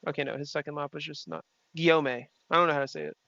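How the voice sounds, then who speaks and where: With a gravelly, sharp, a little high voice, a young man speaks at a quick pace in a level tone while streaming a sim race. He chats casually with his chat, reading messages aloud and swearing freely. No echo, with dull, slightly lo-fi stream audio.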